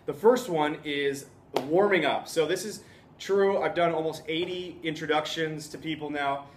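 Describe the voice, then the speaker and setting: A man's voice: a little high, normal speed, slight background noise. A young man vlogging casually, upbeat and chatty, laughing often and acting out what other people said. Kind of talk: casual vlog talk. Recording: echoey room, faint ambience.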